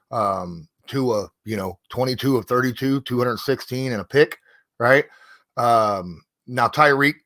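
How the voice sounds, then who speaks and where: Low-voiced host reading game stats. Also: male voice, a bit bright, no room sound. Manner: stat-heavy, conversational. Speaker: podcast host. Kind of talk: casual sports talk.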